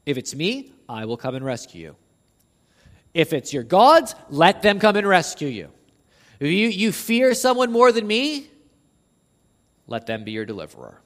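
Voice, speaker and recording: A man delivers an expository sermon. His fairly high voice swells into loud, emphatic declarations, then drops to slow, hushed passages. He repeats words as he builds his points, and a long hall reverb trails every phrase. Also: sing-song. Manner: impassioned, rising to near shouts on quoted verses, then dropping low and slow. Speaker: preacher.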